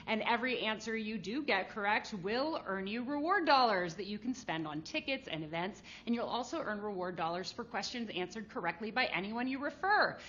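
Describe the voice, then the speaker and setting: A woman hosting a live trivia game show, bubbly, animated and playful with jokes. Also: medium pitch, a little fast, few pauses, highs cut off.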